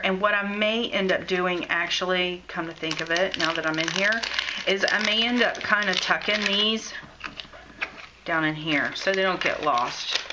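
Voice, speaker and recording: At home in her craft room, a middle-aged scrapbooking vlogger chats casually in a show-and-tell about her scrapbook journal, gushing and full of fillers and restarts. Her voice is mid-range, with a noisy background.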